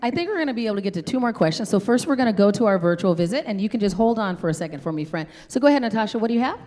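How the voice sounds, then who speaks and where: A woman's voice: medium pitch, lively intonation, very fast, darkish tone. A woman interviewing a convention guest on stage, enthusiastic and encouraging as she moderates. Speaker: panel interviewer.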